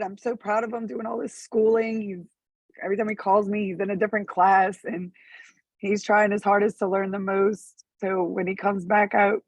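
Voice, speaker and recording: A woman's voice: medium pitch, darkish tone, slightly rough, no room sound. A woman giving an emotional personal statement at a parole hearing over a remote phone call, earnest and at times tearful. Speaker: supporter speaking at a parole hearing.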